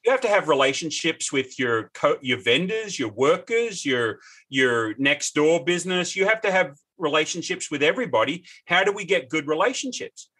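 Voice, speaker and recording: A man in his fifties with an Australian accent, a podcast guest telling lively, earnest stories in casual conversation. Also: fairly high pitch, normal speed, hardly any pauses, husky. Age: 50s. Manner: lively, earnest, folksy anecdotes. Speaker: guest, business owner.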